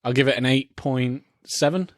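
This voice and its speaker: A man's voice: mid-range voice, normal speed, dry recording, clean studio sound. A man co-hosting a podcast, chatting about films with enthusiasm and frequent restarts. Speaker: podcast co-host. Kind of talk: casual film review chat.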